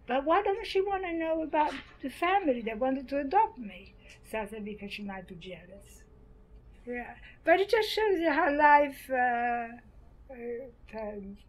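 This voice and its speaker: Lively older woman telling her story. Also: high voice, a little hiss or hum, rough recording. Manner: lively, laughs while telling stories. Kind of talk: personal storytelling.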